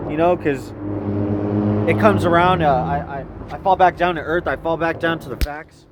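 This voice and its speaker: A man's voice: fairly high pitch, moderate pace, background noise. A young man ranting outdoors in a rambling, profane way, often repeating himself and restarting his sentences. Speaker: vlogger. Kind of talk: rambling rant.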